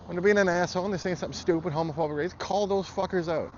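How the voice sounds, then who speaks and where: A man's voice: high voice, racing. Swearing man ranting over traffic noise. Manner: heated, profane, blunt. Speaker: vlogger. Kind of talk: angry political rant. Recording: muffled audio with loud traffic noise.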